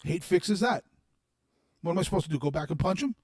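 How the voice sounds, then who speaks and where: Man, 40s, slightly high voice, dry close sound; blunt, swearing monologue to his viewers. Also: expressive, brisk, dry recording. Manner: blunt and heavily profane, swinging from quiet reflection to shouted anger. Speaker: streamer addressing his audience. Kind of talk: unscripted monologue.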